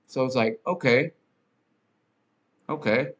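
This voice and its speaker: A man's voice: medium pitch, fairly even intonation, brisk, long pauses, a bit bright. Rambling, profane male podcast host. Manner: rambling, profane, many fillers and restarts. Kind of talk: casual monologue, ranting.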